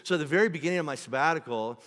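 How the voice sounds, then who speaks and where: Middle-aged pastor preaching in a hall. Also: male voice, on the high side, rapid-fire, fairly bright tone. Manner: conversational, acts out quoted voices. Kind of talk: sermon. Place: church auditorium.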